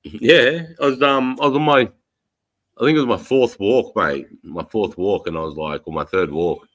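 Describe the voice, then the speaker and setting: A man with an Australian accent hosting a livestream chat, relaxed and swearing freely as he talks with a mate. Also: lowish voice, normal speed, muffled recording. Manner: laid-back, swears freely, says mate a lot. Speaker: livestream host. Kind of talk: casual chat.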